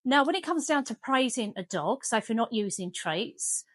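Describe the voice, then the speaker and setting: A woman's voice: on the high side, lively intonation, normal speed, no room sound. Chatty woman, dog trainer. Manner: chatty, firm commands to the dog. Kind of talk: casual training demonstration. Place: home kitchen.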